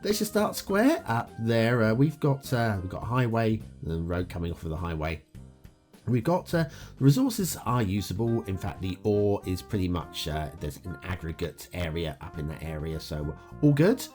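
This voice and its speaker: Chatty low-voiced man hosting a game review show. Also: big pitch swings, normal speed, a little mellow. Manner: chatty and upbeat, with frequent uh fillers. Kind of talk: casual gameplay commentary. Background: faint guitar music.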